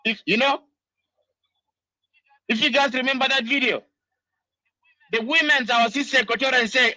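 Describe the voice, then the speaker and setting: A man rants in a heated political monologue, his voice very high and piercingly bright. He keeps circling back with "you know" as he scolds, and the sound is completely dry, with no room echo. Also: moderate pace, long pauses. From South Sudan. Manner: angry, ranting, peppered with "you know". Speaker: diaspora political commentator.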